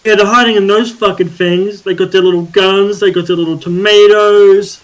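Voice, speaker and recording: A man's voice: sits high, fairly even intonation, normal speed, natural voice, poor audio. A man voicing a crude, brash female soldier who rambles and swears. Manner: profane, rambling.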